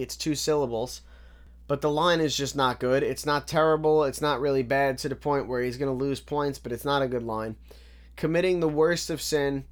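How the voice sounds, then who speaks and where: A man casually breaking down rap lyrics line by line, analytical and repetitive, often restarting his sentences. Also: mid-range voice. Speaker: music reviewer.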